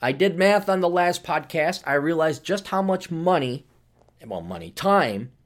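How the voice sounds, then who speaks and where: A man's voice: on the high side, expressive, measured pace. A man hosting a casual podcast monologue, talking in a sarcastic, ranting way. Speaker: podcast host.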